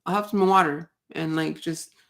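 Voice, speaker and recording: A woman's voice: low-pitched, fairly even intonation, moderate pace, gravelly, fairly bright tone. A woman hosting a casual livestream, talking bluntly, swearing often and rambling with restarts. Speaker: livestream host. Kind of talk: casual ranting chat.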